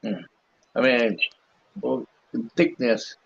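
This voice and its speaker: A man in a mid-pitched voice makes brief, low-key remarks in casual chat. His video call audio comes through dull and lo-fi. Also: slow, vocal fry.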